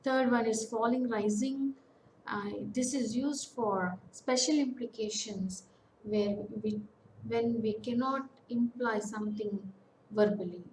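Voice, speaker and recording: Slow, hesitant Indian English woman teacher. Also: fairly high pitch, darkish tone, low-quality recording. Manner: slow, deliberate, with many hesitations and fillers. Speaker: academic counsellor. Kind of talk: lecture on English phonetics. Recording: faint background noise.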